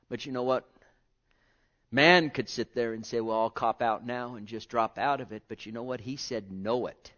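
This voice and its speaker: A man preaching a sermon, reading scripture and swinging from booming to hushed, drawing out his words. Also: moderate pace. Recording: dull lo-fi sermon recording.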